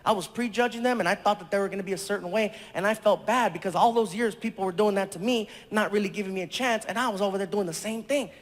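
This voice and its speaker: A man in his thirties telling a self-mocking stand-up comedy story with animated delivery. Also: sits high, fast, hardly any pauses. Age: 30s. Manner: animated, self-mocking, bursts into loud impressions. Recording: echoey live venue with faint noise.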